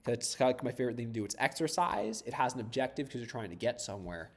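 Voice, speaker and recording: A man streams himself debugging code and chats along in a loose, rambling way, laughing often and dropping casual swears. His pitch sits in a middling range, neither high nor low. He grew up south of Boston. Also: animated, fast talker. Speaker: startup founder coding on a livestream. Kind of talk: casual live-stream chat while coding.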